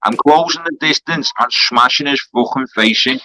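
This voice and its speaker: Man, aggressive trash talk, forceful bright voice, dry sound. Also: fairly high pitch, moderate pace, dry recording, low-quality recording. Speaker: fighter on a charity boxing card. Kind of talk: heated live-stream chat. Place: kebab shop.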